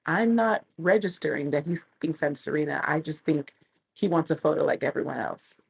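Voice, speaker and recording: A woman in her thirties, a travel vlogger telling stories casually, acting out quotes with big jumps in pitch. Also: normal speed, creaky, breathy edge, low-quality recording. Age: 30s. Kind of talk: casual storytelling.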